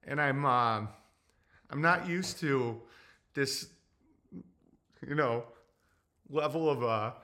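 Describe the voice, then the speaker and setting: A man in his forties, hosting a livestream, talking in a halting, emotional way, tearful, with many fillers and blunt profanity. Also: mid-range voice, bright, forceful tone. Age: 40s. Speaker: livestream host. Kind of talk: casual livestream talk reading chat.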